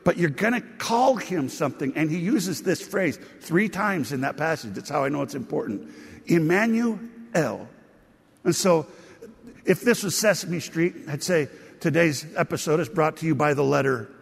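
A man delivers a sermon in a relaxed, conversational teaching voice that rises into emphasis on key words. His voice is slightly high for a man, with a husky, gravelly grain. The sound rings through a church with a long hall reverb. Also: normal speed. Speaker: pastor.

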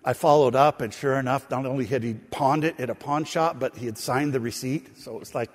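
A man's voice: mid-range voice, a little fast, slightly rough. A pastor preaching a sermon to his congregation, telling stories and throwing asides to the people in the pews. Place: church sanctuary. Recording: long hall reverb.

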